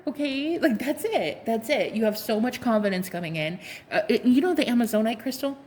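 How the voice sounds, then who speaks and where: A woman giving a casual tarot reading to her viewers, sassy and playful, laughing often, swearing and calling them honey. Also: medium pitch. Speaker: tarot card reader.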